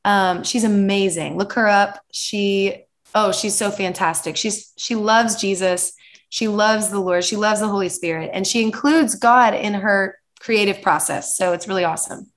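A woman's voice: medium pitch, steady tone. Young American female singer, gushing and upbeat, interview guest. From United States. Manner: bubbly, enthusiastic, quick to laugh. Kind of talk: interview answers.

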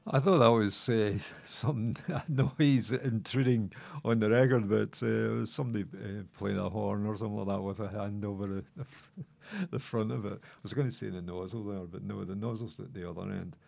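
A man's voice: fairly low pitch, fairly even intonation, moderate pace, vocal fry, few pauses, a little mellow. A man hosting a radio music show, chatting casually between records with chuckles and rambling asides. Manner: chuckling, rambling, many uh fillers.

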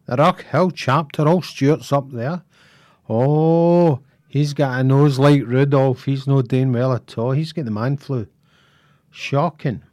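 Chatty Scottish radio host, lively voice. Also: male voice, fairly high pitch, no echo, studio quality. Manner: chatty, jokey, drops in rhyming slang. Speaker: radio presenter. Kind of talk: casual radio chat with shout-outs.

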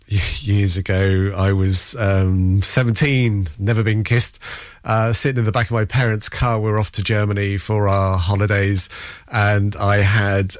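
Male radio DJ with a lowish voice and a dry, close sound, rambling and excitable between records. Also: no room sound. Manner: rambling and chatty, with many ums and self-corrections; enthusiastic, easily excited. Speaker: radio presenter. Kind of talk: casual music radio chat.

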